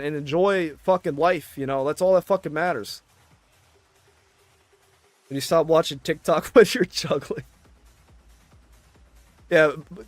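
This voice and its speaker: A man's voice: on the high side, no echo. A man ranting in casual chat, exasperated and swearing constantly.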